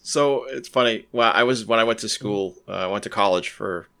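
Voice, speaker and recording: A man's voice: on the low side, fairly bright tone. A man with a Massachusetts accent co-hosting a podcast, joking wryly and laughing easily in casual chat. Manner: wry joking, quick to laugh. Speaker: podcast co-host.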